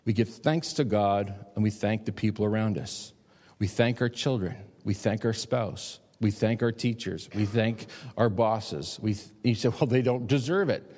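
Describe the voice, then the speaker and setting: A man's voice: moderate pace, darkish tone. A middle-aged man preaching a sermon in a church, emphatic and pressing his points. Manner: emphatic, rising high when pressing a point. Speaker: pastor. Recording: long hall reverb.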